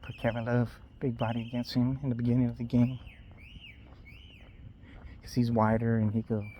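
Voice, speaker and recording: A man's voice: medium pitch, level tone, lo-fi sound, a little hiss or hum. Rambling man on a night walk. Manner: loose, unhurried rambling with trailing restarts. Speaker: vlogger. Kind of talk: casual rambling walk-and-talk. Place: outdoors at night on a street. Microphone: phone held in hand.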